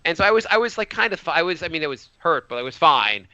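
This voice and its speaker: A man co-hosting a podcast in casual chat, telling a story with animated voiced quotes. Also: a little high, fast, highs cut off. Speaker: podcast co-host.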